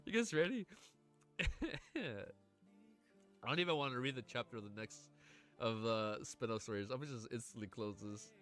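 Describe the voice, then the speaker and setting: A man livestreaming, reading a novel aloud and reacting. He is excitable, emotional and swears constantly, with a stuffy nose. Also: mid-range voice, measured pace, long pauses, faint music behind.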